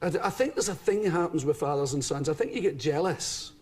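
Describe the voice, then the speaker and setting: A middle-aged Scottish man, a guest, telling funny stories in a lively chat and acting out voices and sounds. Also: a little high, quick pace, breathy edge. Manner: animated, comic, acts out voices and sounds. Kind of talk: storytelling chat. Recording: studio audience laughter. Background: audience laughter.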